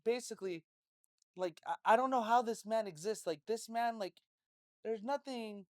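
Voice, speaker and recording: A woman co-hosting a casual chat, telling a story in an animated way, swearing and laughing a lot. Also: fairly high pitch, moderate pace, no echo, clean studio sound. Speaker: podcast co-host.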